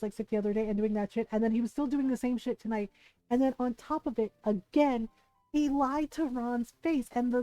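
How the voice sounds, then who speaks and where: A woman streamer chatting casually, ranting in an animated way and swearing a lot. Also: sits high, no room sound, highs cut off. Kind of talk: casual chat.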